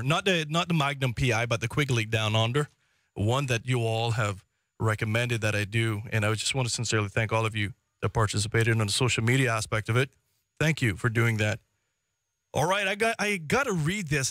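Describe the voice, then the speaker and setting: A man with a Caymanian accent hosting a live radio talk show, effusive and animated. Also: mid-range voice, no echo, studio quality. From Cayman Islands. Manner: effusive, repetitive thanks, animated. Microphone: studio microphone.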